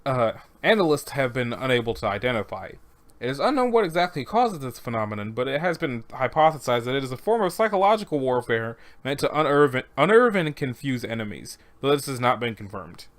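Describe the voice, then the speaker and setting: Man reading with lively, animated pitch. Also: fairly quick. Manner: deadpan, sarcastic asides, corrects slips. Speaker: reader of horror fiction. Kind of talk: reading aloud with asides.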